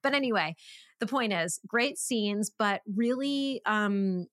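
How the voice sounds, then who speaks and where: A woman's voice: mid-range voice, takes it slowly, a bit bright, dry recording, clean studio sound. A woman co-hosting a podcast, chatting casually about a movie with lots of fillers and restarts. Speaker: podcast co-host. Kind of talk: casual film discussion.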